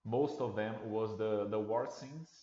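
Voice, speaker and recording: Halting man, low voice. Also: mellow, a little hiss or hum. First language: Portuguese. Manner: halting, many restarts and fillers. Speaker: livestream host. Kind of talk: casual livestream chat. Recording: roomy, dull lo-fi sound.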